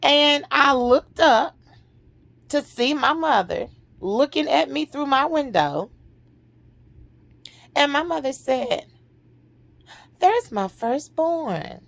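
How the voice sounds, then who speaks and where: Middle-aged woman vlogger, slow dramatic storytelling, gravelly edge, hushed at the heavy parts. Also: high-pitched, lively intonation, dry recording. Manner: slow, dramatic, drops to a hushed near-whisper at emotional points. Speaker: vlogger telling a personal story. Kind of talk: emotional personal storytelling.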